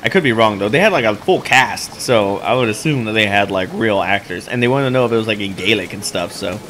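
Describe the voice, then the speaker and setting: A man's voice: fairly low pitch, brisk, hardly any pauses, fairly bright tone, slight background noise. A man playing a game, chatting casually, reading the on-screen text aloud and swearing now and then while joking about himself. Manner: self-deprecating, chatty. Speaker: let's play host. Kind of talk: casual gameplay commentary.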